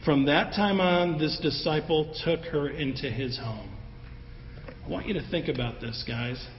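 A man preaching a sermon in a conversational, animated way, acting out the voices of the people in his story. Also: on the high side, a little slow, a little hiss or hum. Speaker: pastor. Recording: roomy hall with long echo, dull sound, faint ambience.

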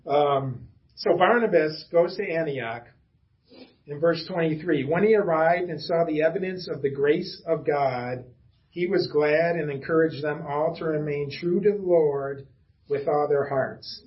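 Chatty pastor, slightly high, lo-fi. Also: male voice, measured pace. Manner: casual and chatty, with self-deprecating asides and frequent restarts. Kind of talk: conversational sermon. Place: church room with a small congregation.

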